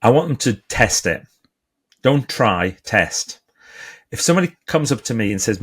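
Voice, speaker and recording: A man's voice: medium pitch, normal speed, slightly rough. A man with a Geordie accent, a guest author talking in an interview and acting out the people in his stories. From England. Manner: animated storyteller, acts out quoted voices. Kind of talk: conversational interview.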